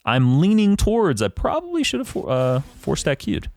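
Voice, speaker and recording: Brief: gamer guy reviewing his match, analytical but foul-mouthed, pitch swings a lot as he talks. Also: huge pitch swings, moderate pace, a little mellow. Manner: profane, ranting, self-assured. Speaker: gaming YouTuber reviewing his own match. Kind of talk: casual gameplay commentary.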